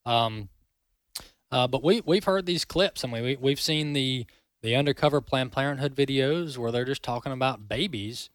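A man's voice: mid-range voice, no room sound. A male talk show host giving opinionated commentary in an emphatic, indignant manner.

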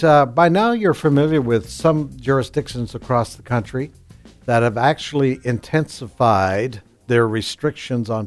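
Folksy fill-in talk radio host. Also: male voice, mid-range voice. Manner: conversational, folksy, with fillers.

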